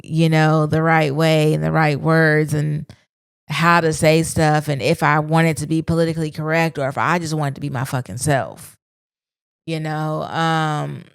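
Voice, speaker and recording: A woman's voice: low-pitched, smooth, dry recording, clean studio sound. A woman hosting her own podcast, talking candidly and casually in a reflective solo monologue, with slang. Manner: candid, conversational, speaks her mind with slang. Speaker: podcast host.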